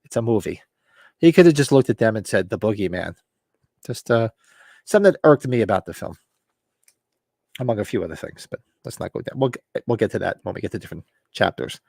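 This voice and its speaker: A man's voice: on the low side, expressive, quick pace, vocal fry, long pauses, darkish tone, dry recording, clean studio sound. A man hosting a casual book club show, loosely retelling chapters with fillers and restarts, now and then acting out lines. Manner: rambling, loose retelling with fillers and acted quotes. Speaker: podcast host.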